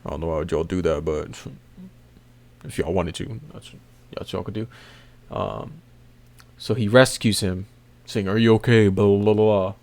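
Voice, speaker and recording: A man casually recapping a comic chapter, rambling with many fillers and soft laughs. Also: sits low, unhurried, vocal fry, long pauses. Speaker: manga recap video host.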